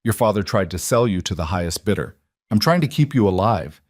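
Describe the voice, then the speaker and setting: A man's voice: fairly low pitch, brisk, no room sound, clean studio sound. A man voicing a cold, commanding crime boss. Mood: hard. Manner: calm, clipped and commanding. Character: cold, controlled male crime boss, weary.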